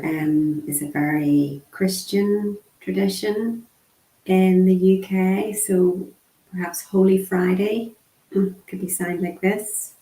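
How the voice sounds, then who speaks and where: A woman voicing a casual online sign language lesson, chatty and unhurried, with frequent ums. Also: lowish voice, dark tone. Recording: echoey room.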